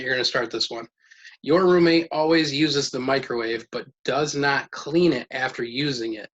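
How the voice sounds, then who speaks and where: A man guides a relaxed home lesson for his kids, asking what they would do and praising good answers. His voice sits in an ordinary middle range. The recording is slightly muffled, with a faint hiss. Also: mid-range voice. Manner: patient, questioning, praises answers. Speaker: parent teaching a life-skills lesson. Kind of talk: casual home lesson with children. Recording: dull lo-fi sound with faint noise.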